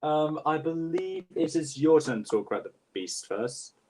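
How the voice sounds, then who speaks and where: A young man chatting casually as a co-host ranking books, halting and full of fillers. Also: a little high, animated, darkish tone. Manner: quick, halting, many fillers. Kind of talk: casual livestream chat.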